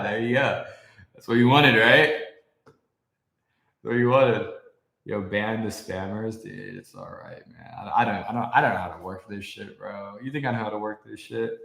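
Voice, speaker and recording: A man's voice: lowish voice, animated, moderate pace, creaky, a bit bright. A young man livestreaming, ranting casually and profanely while answering his chat. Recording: echoey room.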